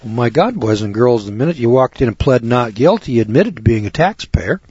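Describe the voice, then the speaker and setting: A man's voice: mid-range voice, animated, a little fast, darkish tone, slightly rough, dry recording. A man lecturing to students in a folksy way, piling up rhetorical questions and repeating them for effect. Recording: dull lo-fi recording.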